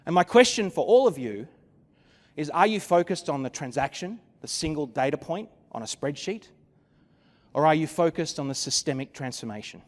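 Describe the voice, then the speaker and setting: A man's voice: on the high side, animated, normal speed, long reverb tail. Man telling a keynote story. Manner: dramatic storytelling with wry asides. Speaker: keynote speaker. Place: conference venue.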